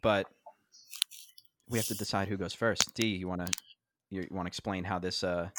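A man's voice: low voice, steady tone, moderate pace, very noisy. A young man co-hosting a podcast, chatting in an easygoing, rambling way. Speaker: podcast co-host. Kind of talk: casual chat.

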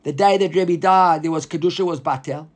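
Male Talmud teacher, high voice, lively and animated lecturing. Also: quick pace. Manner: animated, acts out the quoted rabbis in a raised voice; mixes Hebrew and Aramaic terms into English.

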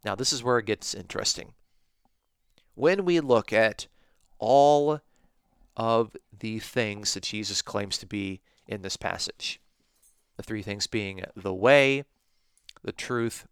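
A man teaching a Bible lesson in a measured, emphatic way, stressing key words. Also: fairly low pitch, clear, resonant tone, no room sound, studio quality. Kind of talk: scripted teaching podcast.

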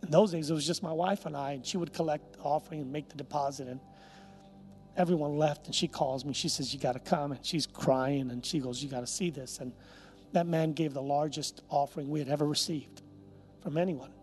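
A man pastor preaching a sermon, telling a personal story and then rising into a loud, impassioned prayer. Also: fairly high pitch, fairly even intonation, fairly quick, soft background music. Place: church service.

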